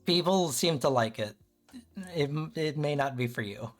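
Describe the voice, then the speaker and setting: A tarot reader and streamer gives a casual reading on a livestream, chatting loosely, checking in with listeners and peppering his talk with "kind of" and "right?". His mid-range voice is animated at normal speed, with faint music behind him.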